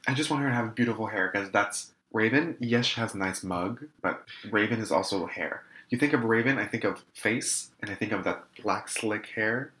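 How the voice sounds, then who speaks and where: Campy gossiping man, bright, echoey room. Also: lowish voice. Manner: campy, gossipy, quick asides. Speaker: podcast co-host. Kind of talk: casual chat reviewing a drag competition show.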